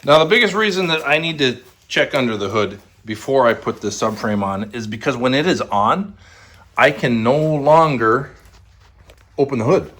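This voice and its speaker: A man's voice: medium pitch, animated, moderate pace, fairly bright tone. Male vlogger, casual and eager, repeats points and checks in with viewers. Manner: enthusiastic, repetitive, keeps adding "okay?" and "right?". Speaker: tractor channel host. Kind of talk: casual enthusiastic equipment talk to camera. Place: garage.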